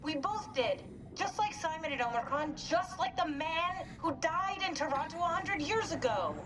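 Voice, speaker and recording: A woman's voice: sits high, animated, moderate pace. An actress playing a composed woman scientist in a game, heard in distant, noisy game audio. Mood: calm. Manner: composed, then curt.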